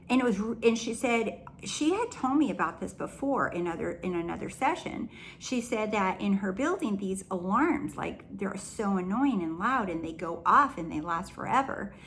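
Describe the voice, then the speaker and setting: A woman's voice: mid-range voice, slight background noise. A woman spiritual coach talking to camera in an earnest, encouraging, rambling way. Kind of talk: casual spiritual teaching monologue.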